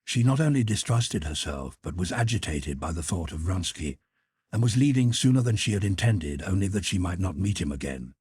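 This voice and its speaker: A man narrating a classic novel as an audiobook reader in a breathy, measured storytelling voice. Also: low-pitched, sing-song, darkish tone, dry recording, studio quality. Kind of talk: scripted narration.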